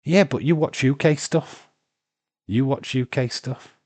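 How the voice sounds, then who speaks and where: A man's voice: mid-range voice, a little slow, a little mellow, no echo. A man hosting a casual livestream, arguing playfully with chat viewers and laughing often. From Britain. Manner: bantering, argumentative, laughs often. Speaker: livestream host.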